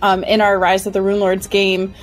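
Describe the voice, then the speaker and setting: A woman's voice: mid-range voice, completely flat delivery, normal speed, rough recording. Chatty woman game master. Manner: chatty, laughs often, trails off and restarts. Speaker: game master on a podcast panel. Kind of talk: casual panel chat.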